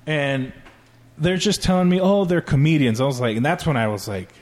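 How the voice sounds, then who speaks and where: A man telling a long story in casual chat, profane and animated, acting out quotes. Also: fairly high pitch, a little fast.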